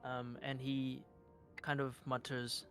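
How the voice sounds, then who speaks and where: A man as a player describing his character's actions in a tabletop game, hesitant and halting. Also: medium pitch, monotone, a bit bright, faint music behind.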